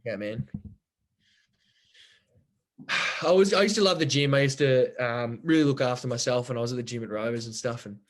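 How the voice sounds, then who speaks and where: Young man telling rambling stories. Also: mid-range voice. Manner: rambling, swears freely, laughs while telling stories. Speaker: podcast guest. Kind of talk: casual storytelling chat.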